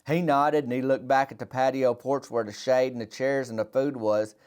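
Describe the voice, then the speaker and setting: A Southern man spins a small-town yarn in an unhurried, folksy drawl, deadpan and rambling. His pitch sits right in the middle for a man, and he lets the jokes land dry. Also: clear, resonant tone. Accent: Southern American. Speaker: comedy storyteller and podcast host. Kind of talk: deadpan rural comic storytelling.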